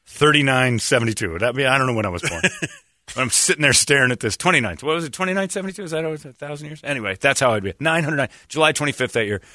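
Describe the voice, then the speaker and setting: An animated man riffing on a radio show. His voice swings widely in pitch and stays bright and forward, recorded close and dry in the studio. He talks in a loose comic flow and keeps breaking into mocking voices. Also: rapid-fire, dry recording. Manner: animated, laughing, jumps into mocking high-pitched quoted voices. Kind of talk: casual comedic talk radio banter.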